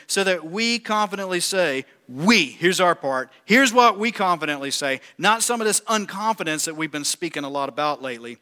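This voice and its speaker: A man in the pulpit delivers an animated sermon with a somewhat high, bright and forceful voice. He reads scripture aloud and keeps turning to the congregation with questions. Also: normal speed, clean tone. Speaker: pastor. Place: church.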